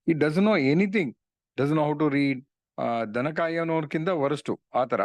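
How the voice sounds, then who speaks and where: Middle-aged man, earnest devotional storyteller, slightly high voice, dry close sound. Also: racing, no echo. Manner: earnest, retells stories with frequent "you know". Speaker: speaker on religious philosophy.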